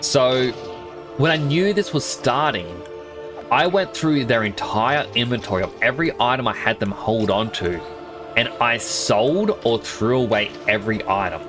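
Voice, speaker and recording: A young man telling a long gaming anecdote on a stream, slipping into quick voices for the other players he quotes. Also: medium pitch, expressive, music in the background. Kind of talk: casual storytelling while gaming.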